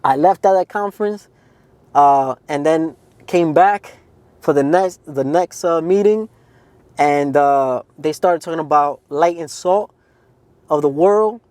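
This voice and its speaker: Recorded dry, a man with a somewhat high, slightly mellow voice shares his faith testimony at a measured pace as a podcast co-host. He speaks earnestly and casually, repeatedly saying "like" and "man."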